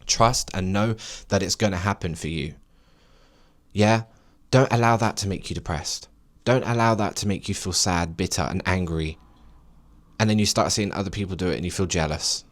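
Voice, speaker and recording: A man's voice: deep voice, moderate pace. A man in his late twenties hosting a solo podcast, rambling and preachy as he urges listeners on with emphatic encouragement. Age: late 20s. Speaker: podcast host.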